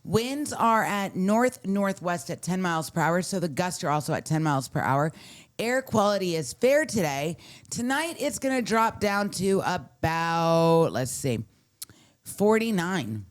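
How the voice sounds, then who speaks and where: A woman's voice: on the low side, sing-song, measured pace. A woman co-hosting a morning radio show, rambling casually through the weather report and laughing easily. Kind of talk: casual chat.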